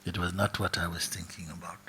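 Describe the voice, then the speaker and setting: A man voicing an ancient raven, trapped and unable to die, speaking low, hushed and resigned. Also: level tone, a little fast, a little hiss or hum. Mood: weary.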